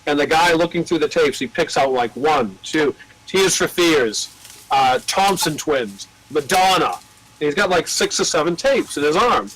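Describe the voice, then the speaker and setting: A man's voice: a little high, lively intonation, measured pace, a bit bright, slight background noise, low-quality recording. An older American man who owns a record label, telling long rambling anecdotes with swearing and acting out the voices of the people he quotes. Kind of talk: casual storytelling.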